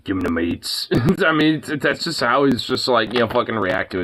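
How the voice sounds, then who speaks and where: A man's voice: mid-range voice, animated, moderate pace, a bit bright, slight background noise, poor audio. A man talking casually to his pet dog, teasing and exasperated, swearing freely. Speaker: dog owner.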